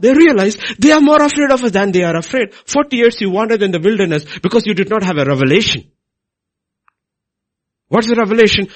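Middle-aged man, husky, lively pulpit preacher with big swings in delivery. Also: fairly high pitch. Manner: animated, swings between loud emphasis and quiet asides. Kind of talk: sermon.

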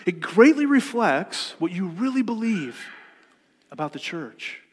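A man preaching a sermon as pastor, in a relaxed conversational way that often repeats words as he restarts. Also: sits high, measured pace, husky. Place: church sanctuary. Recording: long church reverb.

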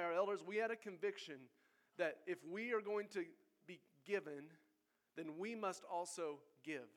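A man preaching a sermon as pastor, earnest and exhorting his congregation. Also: sits high. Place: church sanctuary.

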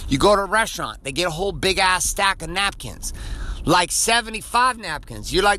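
A man's voice: high voice, animated, fairly quick, pushed and bright, a little hiss or hum. A male podcast host giving a blunt, profane, emphatic motivational monologue.

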